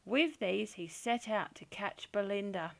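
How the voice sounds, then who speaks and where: A woman reading a children's picture book aloud in a slow, gentle, expressive storytelling manner. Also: medium pitch, vocal fry. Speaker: storybook reader.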